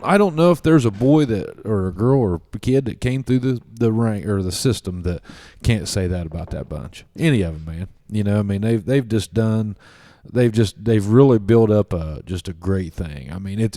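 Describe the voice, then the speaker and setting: Man, Ohio accent, 30s, rambling storyteller, low voice, dry sound. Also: expressive, moderate pace, hardly any pauses, warm tone, dry recording. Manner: folksy, rambling, acts out quotes in a raised voice. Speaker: podcast guest. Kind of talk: casual storytelling chat.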